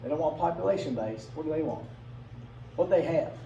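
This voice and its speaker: A man's voice: a little high, expressive, creaky, mellow, dull audio. A man teaching a class in a casual, conversational way, asking his students questions and briefly acting out voices. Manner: conversational, asks the class questions, acts out quick bits in funny voices. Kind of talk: classroom lecture. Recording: echoey classroom from a distance, faint room noise.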